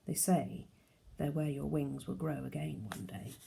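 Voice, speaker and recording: Worn-out tearful mum in a storybook read by a woman, low creaky voice. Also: a little slow, dark tone, slight background noise, exaggerated voice. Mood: tender. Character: worn-out mother, tearful and upset.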